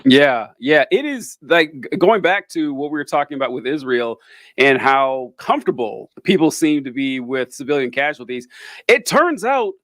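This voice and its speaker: A man in casual political chat, sardonic and quick as he builds on the others' points. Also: medium pitch, big pitch swings, a bit bright, no room sound, clean studio sound.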